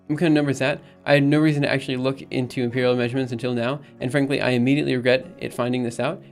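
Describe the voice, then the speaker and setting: A young man rambling in casual live-stream chat, reading messages aloud and repeatedly insisting things are fine. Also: mid-range voice. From United States. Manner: rambling, reads chat aloud, exasperated but reassuring.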